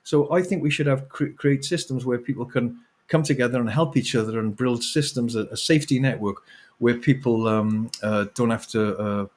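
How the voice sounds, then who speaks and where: In a mid-range, slightly mellow voice at normal speed, a middle-aged male author talks as an interview guest. His impassioned talk is a rant full of swearing and sudden bursts of laughter.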